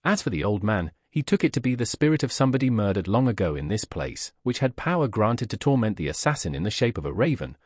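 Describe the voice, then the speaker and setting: A man narrating a classic novel aloud as an audiobook in an expressive, lively reading. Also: on the low side, fast, hardly any pauses, husky, dry recording, clean studio sound.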